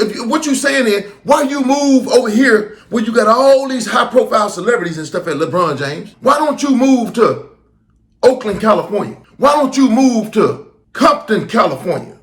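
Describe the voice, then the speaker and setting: A man's voice: very high-pitched, fairly bright tone. A middle-aged man giving emphatic, preachy commentary as host of his own channel. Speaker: host of a street talk channel. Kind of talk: impassioned commentary. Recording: roomy echo.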